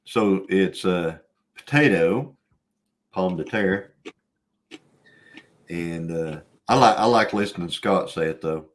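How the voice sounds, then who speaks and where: A man's voice: sits low, takes it slowly, long pauses. A man joining a casual livestream chat as a guest, laid-back, laughing often and drawing out words.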